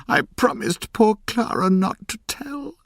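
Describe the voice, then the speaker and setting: A distraught older village woman cries out in high, strained pleas, her voice swooping and tearful, as a male reader puts her on. Her words come slowly in a dry, close recording. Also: animated, dry recording. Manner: pleading, crying out in high strained tones. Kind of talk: audiobook character reading.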